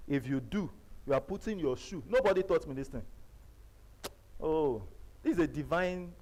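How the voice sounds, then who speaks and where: A man's voice: on the high side, normal speed, poor audio. Emphatic Nigerian man at a seminar. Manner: emphatic, repetitive, preacher-like; swings from loud bursts to quiet asides. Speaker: seminar speaker. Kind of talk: live motivational seminar talk. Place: seminar venue.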